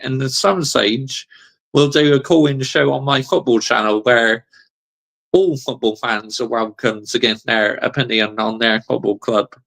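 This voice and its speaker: A man hosts a live football reaction stream, his voice gravelly with a rough edge. He rants with heat, swears freely and keeps laughing at chat messages. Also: mid-range voice, fairly bright tone. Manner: heated, ranting, swearing, laughing often. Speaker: football channel host.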